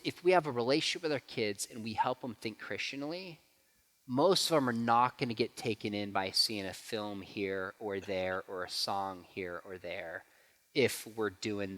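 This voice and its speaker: A man's voice: lowish voice, moderate pace. A man in his forties giving a church talk with questions, telling stories and acting out quotes with energy. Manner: animated storyteller who acts out quotes. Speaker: guest speaker. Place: church hall. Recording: hall reverb.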